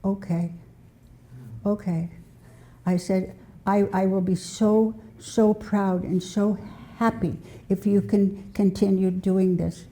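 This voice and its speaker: A woman's voice: mid-range voice, steady tone, slow pace. An older woman telling rambling community stories, often restarting her sentences and laughing as she goes. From New Hampshire. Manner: warm rambling anecdotes with frequent restarts and laughter. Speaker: storyteller sharing community memories. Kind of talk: casual spoken storytelling.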